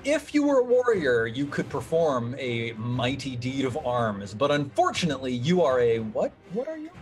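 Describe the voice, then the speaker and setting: A man running an old-school tabletop game as game master, upbeat and animated as he narrates and cheers on the players. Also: medium pitch, moderate pace, faint music behind.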